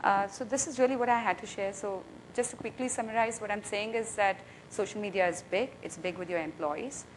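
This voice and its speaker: A woman summarizing her conference talk in a measured, earnest way, with frequent fillers. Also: mid-range voice, a little hiss or hum, poor audio. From India. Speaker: conference panelist, CEO.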